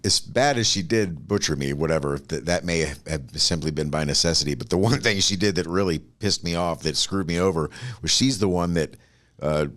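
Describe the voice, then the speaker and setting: A man's voice: deep voice, brisk, a bit bright. A man co-hosting a podcast in casual chat, dropping dry, wry remarks. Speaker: podcast co-host.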